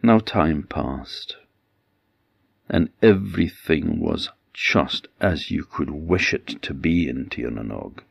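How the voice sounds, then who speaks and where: A man with an Orkney Scottish accent telling a folktale in a gentle storyteller's cadence that likes to repeat itself. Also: rumbling low, animated, takes it slowly, gravelly, slightly rough, dry recording, studio quality. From Orkney Islands, Scotland. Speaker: traditional storyteller.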